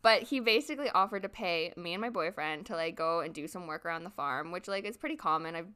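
A woman's voice: fairly low pitch, fast talker, sharp tone, clear, resonant tone. A young adult woman telling a rambling story in casual chat, full of "like" fillers.

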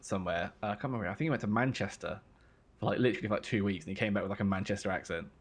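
A man's voice: fairly low pitch, rapid-fire, slightly rough. A young English man from the south, co-hosting a casual podcast chat, joking and laughing often. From England. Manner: jokey, laughs often, puts on silly accents. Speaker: podcast co-host.

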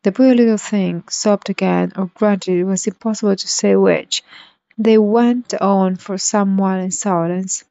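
A woman reads a storybook aloud in a slow, careful and measured way. Her voice is mellow and soft at the edges, close and dry. The recording sounds dull and lo-fi. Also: mid-range voice, steady tone, gravelly, no room sound. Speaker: reader.

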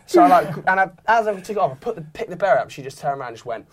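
A man's voice: a little high, very fast. A man, co-hosting a casual chat and telling rowdy anecdotes. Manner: excitable, rowdy anecdote teller. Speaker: podcast co-host. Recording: noisy background.

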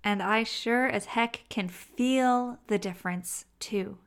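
A woman teaching self-help in a slow, deliberate way, with playful asides. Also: fairly high pitch, clean tone. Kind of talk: motivational teaching monologue.

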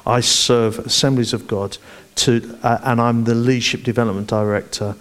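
A man's voice: mid-range voice, fairly even intonation, moderate pace, fairly bright tone. A man, a church leadership director, speaking animatedly and playfully in an onstage interview in front of a congregation.

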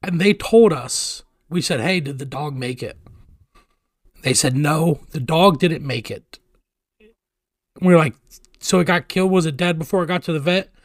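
A man's voice: fairly high pitch, moderate pace, no echo, studio quality. A man casually telling a story on a podcast, swearing often and acting out what people said. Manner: profane, animated storytelling.

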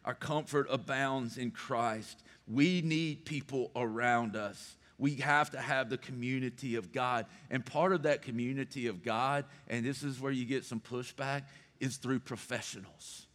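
A middle-aged man preaches from the pulpit. His voice sits at an ordinary pitch for a man, and he talks in an earnest, confiding way, stacking up repeated phrases for emphasis. A long hall reverb trails behind every word. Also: measured pace, hardly any pauses, fairly bright tone. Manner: earnest and personal, builds to rising emphatic repetition. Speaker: pastor. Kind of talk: sermon. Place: church sanctuary.

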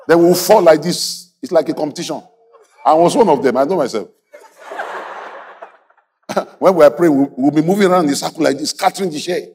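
A man preaching a sermon as a pastor, animated, laughing often and calling on the congregation to repeat after him. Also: fairly high pitch, moderate pace, pauses often, a little hiss or hum. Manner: animated preaching with call-and-response and frequent laughter.

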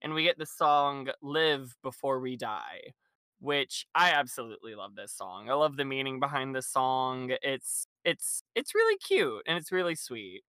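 A man chatting casually on a podcast, wandering through his thoughts with lots of fillers and laughter. His voice is bright and smooth, and the sound is dry and close. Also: mid-range voice, big pitch swings, unhurried, dry recording. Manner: rambling, laughs often, many fillers. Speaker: podcast co-host. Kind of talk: casual chat recapping a musical.

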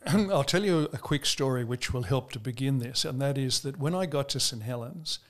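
A man from Australia who is a preacher, answering interview questions in a measured, earnest way, slowing down to stress key points. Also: medium pitch, animated. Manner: measured, earnest storytelling with slow emphatic stresses.

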